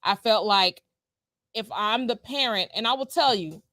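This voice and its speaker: A woman, a former school principal, chatting casually as a co-host, telling stories with a lively, repeating way of talking. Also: medium pitch, unhurried, dry recording. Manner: storytelling, animated, repeats words, laughs often. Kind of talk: casual conversational chat.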